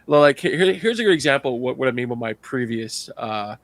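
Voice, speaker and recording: A man chatting on a podcast with a gravelly edge and a lively, swooping delivery. He tells stories with lots of laughter, slipping into other people's voices as he goes. The sound is dry and close. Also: mid-range voice, brisk, dry recording. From Canada. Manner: animated storyteller, laughs often, acts out friends' lines. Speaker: podcast co-host. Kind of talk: casual chat.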